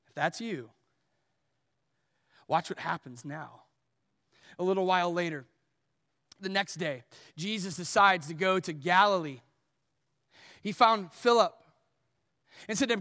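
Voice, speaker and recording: A man preaching a sermon, animated, swinging between loud emphatic lines and soft low ones. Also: a little slow, long pauses. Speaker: pastor. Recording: long hall reverb.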